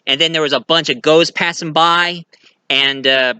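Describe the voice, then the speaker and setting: Bright-voiced man rambling through a review. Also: fairly high pitch, steady tone, moderate pace, clean tone, no room sound. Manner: rambling plot retelling with fillers. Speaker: movie reviewer. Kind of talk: casual movie review.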